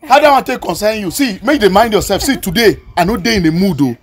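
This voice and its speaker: A man's voice: sits high, lively intonation, quick pace, breathy edge, exaggerated voice. A young man speaking Nigerian Pidgin, playing a combative, dismissive guy who dodges his responsibilities. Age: young adult. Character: idle defiant young man shirking responsibility. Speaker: actor in a comedy skit. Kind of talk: skit acting.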